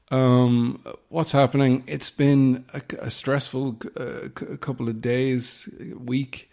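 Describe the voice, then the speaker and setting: A man hosting his own comedy podcast, rambling through deadpan absurd asides close to the mic. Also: medium pitch, slow, creaky, few pauses. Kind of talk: solo comedic podcast monologue. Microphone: close podcast microphone.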